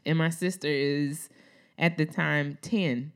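A woman with a notably low voice for a woman, talking casually with a co-host. She is easygoing and chatty, drifting into asides and talking to listeners directly. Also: steady tone, slow pace. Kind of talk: casual conversational chat.

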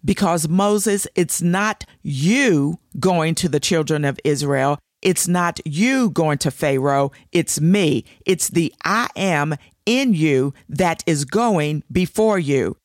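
A woman's voice: low voice, expressive, takes it slowly, hardly any pauses, no echo, studio quality. A woman hosting a devotional show, teaching scripture with emphatic, repeated declarations.

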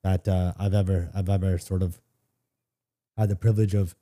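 A man's voice: deep voice, flat delivery, normal speed, warm tone. A middle-aged man from Canada telling a personal story on a podcast in a candid, casual way, swearing freely and restarting sentences often. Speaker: podcast guest.

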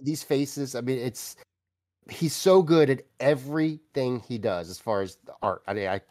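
A man's voice: medium pitch, moderate pace, a little mellow, no echo, clean studio sound. A man co-hosting a casual comic book podcast, rambling and enthusiastic, with lots of likes and I means. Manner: rambling, enthusiastic, hedging with fillers. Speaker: podcast co-host.

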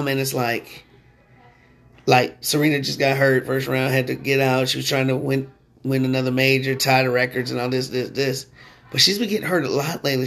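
A man hosting a sports podcast in a casual, slangy way, getting loud and excited when he rants. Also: medium pitch.

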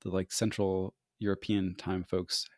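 Podcast host guy, lowish voice, jokey and easygoing, dry close mic. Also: level tone, unhurried, darkish tone, dry recording. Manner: playful, jokey, laughs often. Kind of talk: casual podcast chat.

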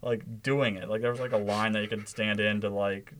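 A man's voice: lowish voice, flat delivery, a little fast, fairly bright tone, slight background noise. A young man co-hosting a casual podcast, telling a rambling, amused story with lots of fillers. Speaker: podcast co-host. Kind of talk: casual chat.

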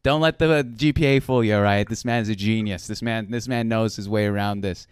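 Playful man hosting with a smooth voice. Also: lowish voice, a little fast, no room sound, studio quality. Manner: playful, teasing, repeats himself. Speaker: host. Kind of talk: casual relationship chat.

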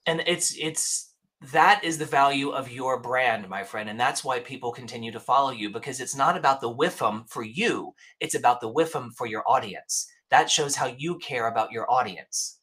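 Bright, emphatic male podcast guest. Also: mid-range voice, normal speed. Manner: emphatic, storytelling, frequent restarts. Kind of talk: casual interview chat.

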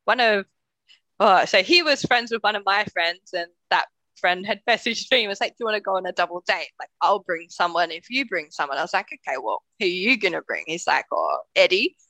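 A young woman co-hosts a podcast and tells personal stories in a candid, chatty way, swearing freely and laughing as she goes. Her voice is bright and forward, at a middle pitch. The sound is close and dry. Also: lively intonation, fairly quick, no room sound. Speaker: podcast co-host. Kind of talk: casual storytelling chat.

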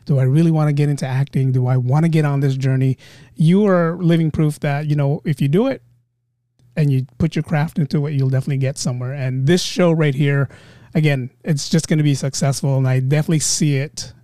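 A man's voice: a little high, steady tone, fairly quick, dark tone, no room sound, clean studio sound. A man hosting a casual podcast interview, chatty and enthusiastic, with lots of fillers. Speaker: podcast host.

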